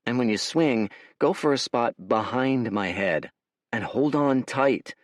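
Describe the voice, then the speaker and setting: A man's voice: mid-range voice, animated, measured pace, dry recording, close to an everyday voice. A man voicing a smug, impatient male hero with dragon blood, talking in a dry, mocking way. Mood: patient.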